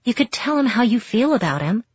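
A woman's voice: a little high, big pitch swings, a little fast, a little mellow, husky, no echo, lo-fi sound, pitched above the performer's own voice, full character voice. A woman voicing a frank, nosy adult woman friend who presses with blunt questions, in an audiobook. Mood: pressing. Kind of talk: audiobook character voice.

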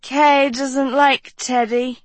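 A woman voicing a drugged teenage girl who slurs in a slow, dreamy sing-song in a storybook reading. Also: high voice, little pitch movement, dry recording, pitched above the performer's own voice, exaggerated voice. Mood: slurred, giddy.

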